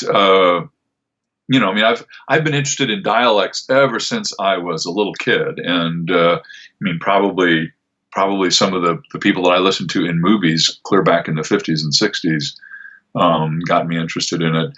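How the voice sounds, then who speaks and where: Older male voice actor, deep and husky, rambling easy talker. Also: moderate pace, fairly bright tone, dull audio. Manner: rambling, many fillers and restarts. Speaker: voice actor, guest. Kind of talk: casual interview answers.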